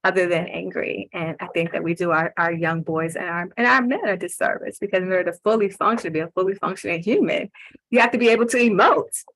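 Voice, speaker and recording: Woman panelist telling animated stories. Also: on the low side, fast, no room sound, poor audio. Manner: storytelling, animated, acts out quoted voices. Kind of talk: webinar panel discussion.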